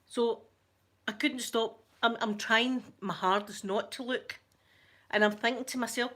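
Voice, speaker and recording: A woman's voice: on the high side, steady tone, unhurried, fairly bright tone. A Scottish woman telling a story to her viewers, chatty and rambling, with many stammering restarts. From Scotland. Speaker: channel host.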